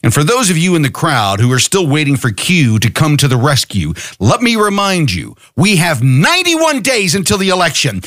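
A man's voice: a little high, huge pitch swings, moderate pace, few pauses, fairly bright tone, no room sound, clean studio sound. An angry man hosting a podcast, delivering an impassioned, profane political monologue full of rhetorical questions. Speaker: podcast host.

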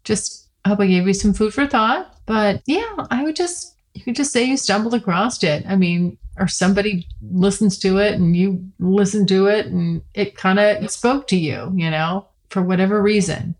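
A woman's voice: medium pitch, moderate pace, few pauses, a little mellow. Middle-aged woman, solo podcast host; frank, chatty, loose delivery with restarts. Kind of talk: casual solo podcast talk.

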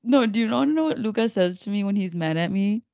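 A woman's voice: mid-range voice, fast talker, gravelly, no room sound, dull audio. A young woman co-hosting a casual podcast chat, acting out her kids' lines as she tells stories. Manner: animated storyteller, acts out her kids' lines. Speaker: podcast co-host.

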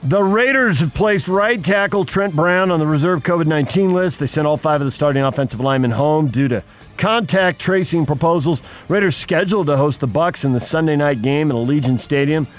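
A man's voice: fairly high pitch, brisk, soft background music. A man hosting a morning sports radio show, reading headlines and teasing his co-host with dry humor.

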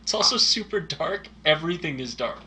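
A man gives a casual movie review with a dry, teasing edge and blunt verdicts. His voice is bright and clear. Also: on the high side, animated, brisk.

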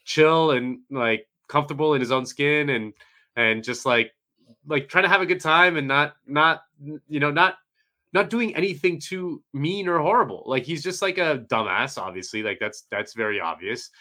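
A man with a bright, forward voice chats on a podcast, circling his point with lots of hedges and fillers. His tone stays loose and conversational. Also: a little high, animated, moderate pace. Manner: rambling, hedging with many fillers. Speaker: podcast co-host. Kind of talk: casual podcast chat.

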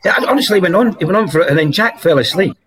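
A former footballer, a man, guest on a podcast, telling anecdotes in a lively way and laughing through his stories. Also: sits high, racing. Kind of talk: anecdotal storytelling.

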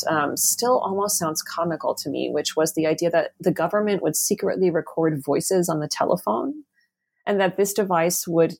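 A woman's voice: on the low side, vocal fry, slightly rough. A woman, an author, answering an interview question about her book, thinking aloud with many ums and restarts. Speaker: author and guest.

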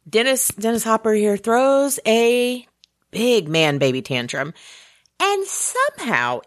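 Sarcastic woman with lively pitch. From Houston area. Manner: animated, sarcastic, swears freely. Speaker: podcast co-host. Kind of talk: casual movie recap chat.

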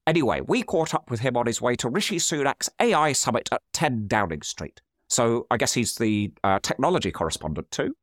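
A man's voice: medium pitch, sing-song, a little fast, no echo, studio quality, close to an everyday voice. A man playing an earnest middle-aged politician, stiff and awkward, who fumbles his apologies. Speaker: stand-in host. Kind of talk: satirical comic chat.

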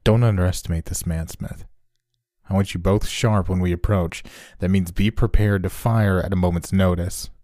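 A stern, tense woman police detective in a horror story reading, as a male narrator puts her on. She gives clipped, commanding orders in a low, mellow voice. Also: steady tone, normal speed, dry recording, clean studio sound, close to an everyday voice.

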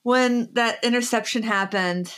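A woman's voice: fairly high pitch, measured pace. A woman co-hosting a podcast in casual chat, telling stories with lots of laughs and fillers. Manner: giggly, animated storytelling with many fillers. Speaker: podcast co-host.

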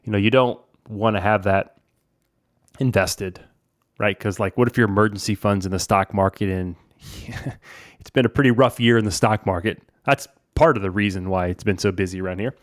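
A man in his forties hosts a podcast and talks through money tips in a loose, chatty way, checking in with "right?" as he goes. His voice sits fairly low. The sound is dry and close. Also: normal speed, no room sound. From New Orleans. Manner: chatty, conversational, says "man" and "right?" often. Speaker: podcast host. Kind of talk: casual financial advice talk.

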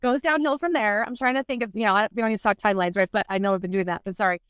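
A woman guest on a podcast tells her story candidly, peppering it with "like" and acting out what others said. Her mid-range voice is rapid-fire, smooth and a bit bright, captured with clean studio quality and no room sound.

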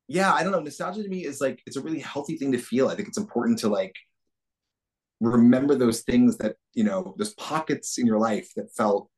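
Enthusiastic man chatting as a guest. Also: medium pitch. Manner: warm, enthusiastic, reflective with many restarts. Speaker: puppeteer guest. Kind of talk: casual interview chat.

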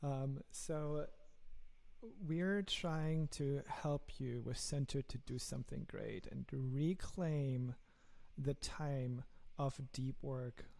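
A man with a German accent speaks in a gravelly, mellow voice. He talks earnestly about his work in a casual interview, restarting phrases as he goes. His delivery is relaxed and unhurried. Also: mid-range voice. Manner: earnest, repeats words while thinking. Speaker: startup founder.

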